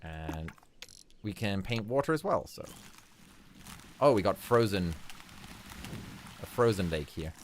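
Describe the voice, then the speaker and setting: A man hosting a relaxed game livestream in casual commentary, upbeat and chuckling often. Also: low-pitched, takes it slowly, pauses often, a little hiss or hum. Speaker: livestream host.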